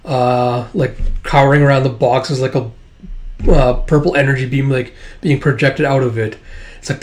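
This comic book reader and reviewer speaks at medium pitch with a steady tone and moderate pace. In a casual read-along, he wanders off track, leans on fillers and lets slip a swear now and then.

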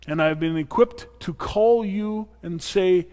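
A man's voice: high voice, measured pace, hardly any pauses, darkish tone. A man preaching a sermon as pastor, earnest and personal with playful asides. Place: church sanctuary. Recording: long reverb of a church hall.

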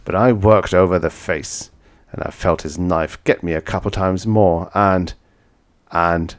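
A man's voice: low-pitched, steady tone, a little slow. A man narrating a vintage science fiction audiobook in the first person, with dramatic, intense storytelling.

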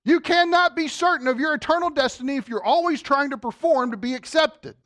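A male pastor preaching a sermon, quizzing the congregation and dropping to a quiet voice for emphasis. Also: fairly quick. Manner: animated, asks the congregation questions; drops to a low, quiet voice for emphasis. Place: church sanctuary.

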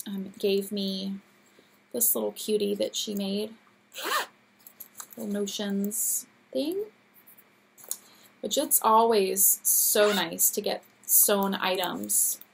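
A woman's voice: medium pitch, gravelly. A woman in her thirties hosting her own show, chatting casually and gushingly, her voice a little scratchy. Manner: chatty, gushing, laughs often. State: teary. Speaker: podcast host. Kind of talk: casual chat.

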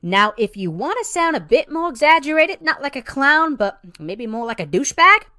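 A woman's voice: high voice, very animated, moderate pace, sharp tone, dry recording, clean studio sound, heavily acted. A woman playing a brash, foul-mouthed female pizzeria boss who lectures trainees in a profane, rambling comedic monologue full of "you know" and calls the listener sweetie or honey.

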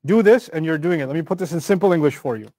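Man, middle-aged, scripture teacher, lively lecture voice, high-pitched, dry close sound. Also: racing, dry recording. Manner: animated, conversational, acts out everyday examples. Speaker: Quran teacher.

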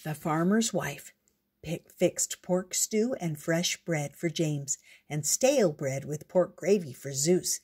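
Slow, husky woman reading a story. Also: low-pitched, lively intonation, a little mellow. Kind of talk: reading a picture book aloud.

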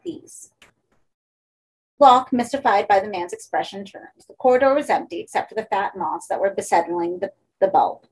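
A woman narrating a horror story for an audiobook in a steady, measured way. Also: mid-range voice, slightly rough, low-quality recording.

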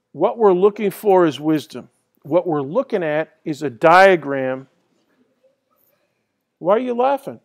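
Male lecturer, high-pitched, loose and chatty with lots of ums. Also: creaky, darkish tone. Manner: rambling and conversational, many fillers and restarts. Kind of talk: classroom lecture. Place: lecture hall.

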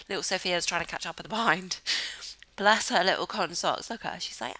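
A woman's voice: on the low side, fast, pushed and bright, dry recording. A young woman casually commenting while playing a life-sim game, chatty and giggly and gushing over what she sees. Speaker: gaming channel host. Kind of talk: casual let's play commentary.

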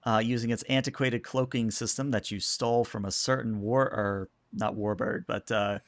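A man's voice: on the low side, fairly even intonation, normal speed, no room sound. A man running a tabletop game as game master, narrating casually with many fillers.

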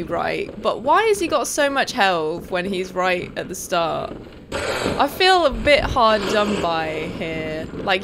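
A young woman commentating her first playthrough of a game, chatty and quick to shriek and laugh at what happens. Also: mid-range voice, noisy background. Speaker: gaming streamer. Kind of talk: let's play commentary.

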